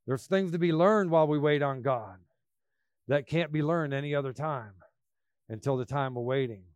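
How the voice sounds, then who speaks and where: A man preaching a sermon, emphatic, swinging between loud bursts and quiet asides. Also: on the high side, normal speed, clear, resonant tone, no room sound.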